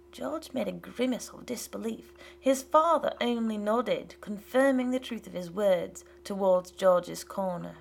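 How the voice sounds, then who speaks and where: A woman giving scripted narration of a literary story in a hushed, half-whispered delivery. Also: medium pitch, animated, a little slow, creaky, hardly any pauses.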